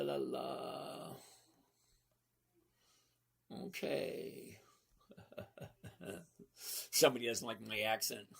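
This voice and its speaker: Older male livestream host, slightly high husky voice, chatty and repetitive. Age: 60s. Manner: chatty, repetitive, addresses viewers by name. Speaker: stock trading livestream host. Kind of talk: live Q&A chat answering viewers.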